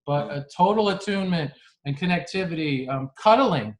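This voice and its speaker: A podcast co-host chats casually and earnestly, often restarting his sentences and laughing frequently. His voice sits on the high side, animated, at a normal speed.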